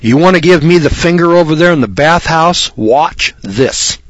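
A man preaching a fire-and-brimstone sermon, blunt, sarcastic and rambling, reading scripture slowly. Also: on the high side, expressive, no echo, dull audio. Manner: reads scripture slowly and deliberately.

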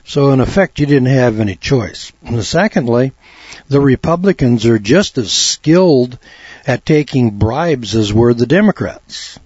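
A middle-aged man speaks a talk radio monologue in a folksy, sarcastic tone, firing off rhetorical questions. His voice is a little husky. The recording is dull and lo-fi with a dry, close sound. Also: medium pitch, expressive, a little slow, a little mellow, dry recording.

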